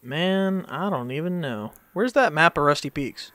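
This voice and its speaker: A man's voice: a little high, lively intonation, normal speed, bright, forceful tone. A man playing a tabletop game, joking and stumbling over his restarts. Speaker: player.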